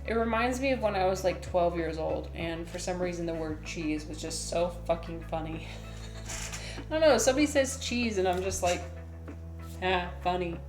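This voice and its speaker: A woman's voice: fairly low pitch, lively intonation, normal speed, a little mellow. A woman hosting a casual live stream, chatting playfully and reading aloud. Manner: chatty and playful, cooing baby talk to her pet. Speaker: livestream host. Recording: echoey room with music playing.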